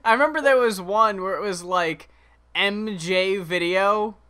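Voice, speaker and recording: A man with a high, bright voice chats in an easy, relaxed way. His voice is smooth and clear, and he swears casually as he talks. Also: unhurried. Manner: relaxed, conversational recollection with swearing. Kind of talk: casual chat.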